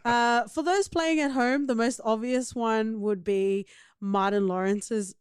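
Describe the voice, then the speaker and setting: A woman's voice: on the high side, fairly even intonation, takes it slowly, smooth, dry recording, studio quality. A woman co-hosting a podcast in casual chat, full of playful, teasing banter. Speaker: podcast co-host.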